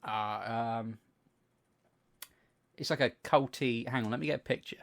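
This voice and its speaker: A young man co-hosting a podcast, telling long animated stories in casual chat, swearing freely and acting out what people said. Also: medium pitch, unhurried, creaky. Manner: animated storytelling, swears freely, acts out quotes. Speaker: podcast co-host.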